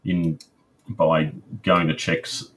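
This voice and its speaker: A man answering interview questions in a measured, explanatory way, with many pauses and ums. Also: extremely low pitch, level tone, slight background noise. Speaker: guest, crypto miner.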